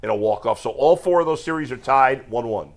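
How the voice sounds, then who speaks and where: A man talks through playoff pitching with calm authority, his voice sitting in a mid register. He lays out roster decisions and stats in steady, informative sentences, like a regular host of a sports show. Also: fairly quick. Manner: steady, informative, stat-heavy. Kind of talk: casual sports talk.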